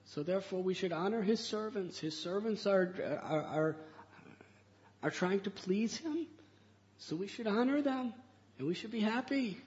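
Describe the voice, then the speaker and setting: A man's voice: high-pitched, darkish tone. A man giving a devotional lecture, retelling a sacred story with emphatic repetitions. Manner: slow, emphatic, repeats words. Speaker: religious speaker. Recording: dull lo-fi recording with faint noise.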